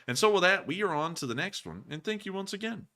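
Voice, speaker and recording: A man's voice: high-pitched, animated, fast, pushed and bright. A man hosting a casual live stream, joking around, laughing often and repeating his phrases as he reacts to viewer messages. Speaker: show host reading viewer messages.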